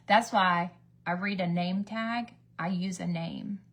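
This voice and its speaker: A woman's voice: on the low side, slow pace, fairly bright tone. A woman in her thirties from the United States, doing a rambling, gossipy get-ready-with-me chat as a beauty vlogger, acting out the voices in her stories. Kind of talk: chatty get-ready-with-me storytelling.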